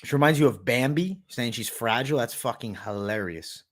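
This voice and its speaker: A man's voice: medium pitch, moderate pace, fairly bright tone. A man hosting a live stream, chatting casually in a brash, profane way, peppering his talk with "bro" as he answers viewer questions. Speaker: host of a live betting show.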